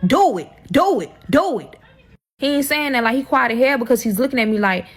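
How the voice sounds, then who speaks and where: Woman, slightly high voice, storytime vlog, profane, animated, emotional. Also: a little fast. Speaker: storyteller recounting her own drama.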